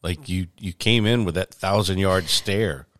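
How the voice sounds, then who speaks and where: A man, co-hosting a casual chat and telling stories in a relaxed way. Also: sits low, a little slow, no echo. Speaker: co-host.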